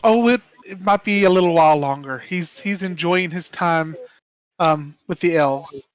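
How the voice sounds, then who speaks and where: A man playing a male elf who questions others in a measured, polite, probing way. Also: a little high, clear, resonant tone, no echo, natural voice, low-quality recording.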